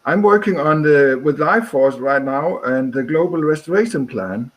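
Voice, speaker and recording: A man from Scotland, speaking with a fairly high voice. He talks in a halting way, stopping often to search for words as a guest on a chat show. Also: lively intonation. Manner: hesitant, full of pauses and "uh"s. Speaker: guest caller. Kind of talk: casual chat.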